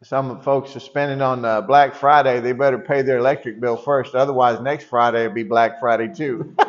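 A man's voice: mid-range voice, steady tone, normal speed, lo-fi sound. A middle-aged man preaching in church, telling a long personal story with many restarts and asides. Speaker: pastor. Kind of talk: sermon.

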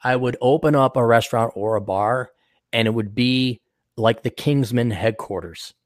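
A man's voice: medium pitch, moderate pace, no room sound, studio quality. A man hosting a podcast in casual chat, ranting crudely and mocking. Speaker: podcast host.

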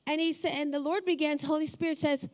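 A woman's voice: sits high, fairly even intonation, quick pace. A middle-aged woman pastor giving a sermon, telling personal stories and laughing often as she talks. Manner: warm storytelling, laughs often.

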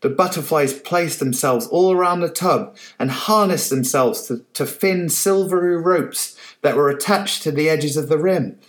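A man reading his own short story aloud in a soft, low-key storybook narration. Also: moderate pace, few pauses.

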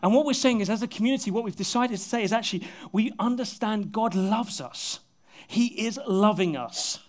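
A man with a high voice preaches at normal speed to his congregation in a church service. His sermon is earnest, frequently softening to an intimate hush, with occasional self-deprecating jokes.

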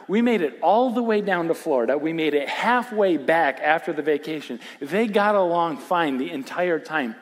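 A middle-aged man preaching a sermon in a church, telling a family story with animated, self-deprecating humor. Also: a little high, normal speed, hardly any pauses. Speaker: pastor. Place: church sanctuary. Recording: reverberant church hall.

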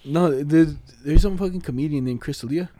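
A man in casual, profane chat, telling fast stories and acting out the people in them. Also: fairly high pitch, dark tone. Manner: fast, profane storytelling, mimics people he quotes.

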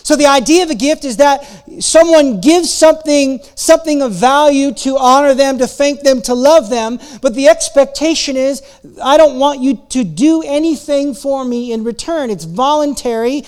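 A man's voice: very high voice, moderate pace. A man, a pastor giving a chatty, casual sermon in church. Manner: casual, chatty preaching with self-interruptions.

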